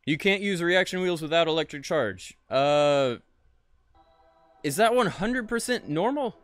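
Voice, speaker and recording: A man's voice: a little high, animated, measured pace, a bit bright, dry recording. A young man streaming a space game, talking to chat and muttering in frustration, swearing often. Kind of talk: casual live-stream commentary.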